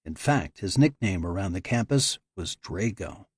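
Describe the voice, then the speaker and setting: A man reading an audiobook in measured, scripted narration on a close mic. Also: sits low, animated, breathy edge, dry recording.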